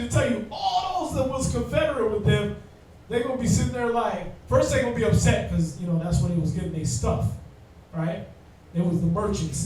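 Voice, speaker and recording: High-voiced man teaching in echoey room. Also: a little mellow, recorded from a distance, slight background noise. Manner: slangy, joking, talks straight to the class. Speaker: Bible class teacher. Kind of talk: informal Bible class teaching.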